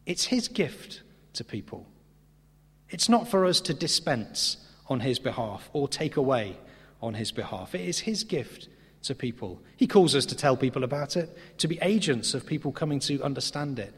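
A man preaching a sermon in a church, earnest and emphatic, with slow pauses for stress. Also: medium pitch, lively intonation, husky. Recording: reverberant hall.

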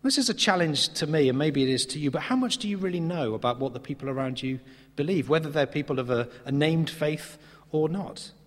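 A man preaching a sermon in a church, earnest and emphatic, with slow pauses for stress. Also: on the high side, lively intonation. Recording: reverberant hall.

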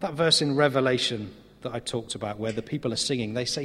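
A man preaching a sermon in a church, earnest and emphatic, with slow pauses for stress. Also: medium pitch, a bit bright, husky. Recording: reverberant hall.

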